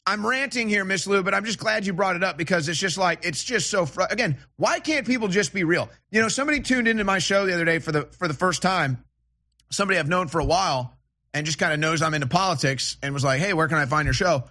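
A man's voice: high-pitched, quick pace, sharp tone. A man hosting a political call-in radio show, ranting with repeated rhetorical questions and restarts. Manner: agitated, repetitive, rising to indignant rhetorical questions. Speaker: radio talk show host.

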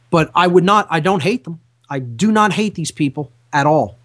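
Male talk radio host, fairly high voice, emphatic and preachy, hammers points home by repetition. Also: moderate pace, few pauses, a bit bright. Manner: emphatic, repeats key phrases, lecturing. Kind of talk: impassioned talk radio monologue.

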